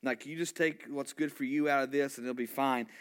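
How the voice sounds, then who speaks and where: A man's voice: medium pitch, fairly even intonation, fairly quick, fairly bright tone, clear, resonant tone, pitched above the performer's own voice, close to an everyday voice. A man preaching, voicing the devil as a sly tempter who coaxes with lies and then turns to cold, belittling accusation. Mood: coaxing. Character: sly male devil, coaxing tempter turned scornful accuser. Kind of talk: preacher acting out a quoted voice in a sermon.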